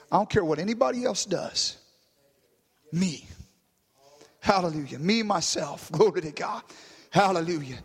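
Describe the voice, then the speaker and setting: Preacher guy with a really high voice, hallelujahs everywhere, long echo off a church hall. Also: normal speed, long pauses, slightly rough. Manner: punctuates lines with "hallelujah" and "glory to God"; swings from quiet, low passages to shouted climaxes. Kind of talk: sermon.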